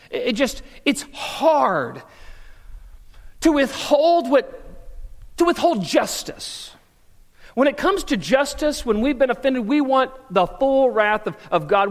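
A pastor preaching a sermon in a church hall, telling stories, repeating words and asking the crowd questions. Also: male voice, high-pitched. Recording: long hall reverb.

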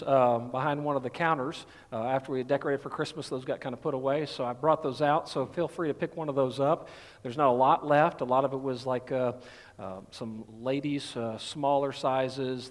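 Folksy Southern pastor in a reverberant hall. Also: male voice, medium pitch. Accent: light Southern US. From Texas. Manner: folksy, conversational, many fillers. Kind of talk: sermon.

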